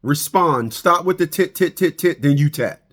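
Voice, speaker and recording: A middle-aged man lectures his listeners in an animated, preachy monologue. His voice sits fairly high for a man. He stumbles and restarts often, piling up repeated words. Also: normal speed, slightly rough. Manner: preachy, repetitive, stammering restarts. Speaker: commentator on fathers and child support.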